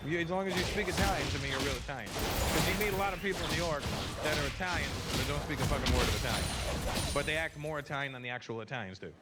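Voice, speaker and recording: A man from Canada doing a stand-up comedy set, profane and animated, acting out voices. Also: on the high side, very fast, very noisy. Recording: stand-up audio under loud music.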